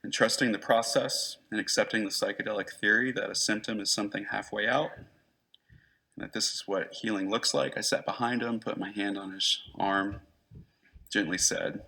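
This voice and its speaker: A man giving a conference talk, reading prepared case notes in an earnest, measured way. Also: on the low side, steady tone, gravelly, bright, forceful tone, slightly rough. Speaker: conference presenter, therapist.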